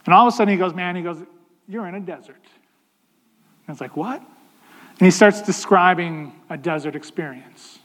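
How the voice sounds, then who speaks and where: A man preaching a sermon in a conversational way, slowing down to stress key points. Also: sits high, a bit bright, in a large hall. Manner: conversational, slows down for emphasis. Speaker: pastor.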